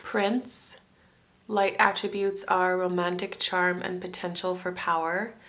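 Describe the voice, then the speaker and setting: A woman's voice: fairly low pitch, flat delivery, slow pace, a bit bright, a little hiss or hum. A woman from France giving a pick-a-card tarot reading, chatty and musing, often thinking aloud with fillers and restarts. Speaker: tarot reader.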